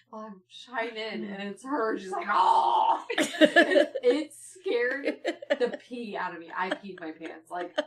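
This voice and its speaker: A woman co-hosting a podcast, telling family stories in casual chat and laughing as she goes. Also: recorded from a distance. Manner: laughs through her stories, shifts into shrill excited quotes. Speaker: podcast co-host.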